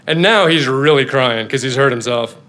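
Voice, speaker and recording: A middle-aged man, a father, telling a personal story on stage with lively, self-mocking comic timing. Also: medium pitch, normal speed. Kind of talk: live storytelling performance.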